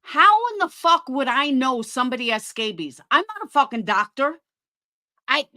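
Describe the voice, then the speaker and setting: A woman's voice: high-pitched, very animated, moderate pace, bright, forceful tone, no room sound, clean studio sound. A woman livestreaming, defending herself in an indignant, sarcastic tone while talking to her chat.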